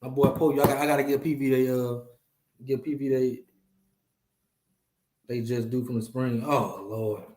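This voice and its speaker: A man's voice: medium pitch, steady tone, moderate pace, pauses often, a little mellow, roomy sound. A man hosting a casual livestream chat, talking animatedly and repeating himself as he addresses viewers. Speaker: host.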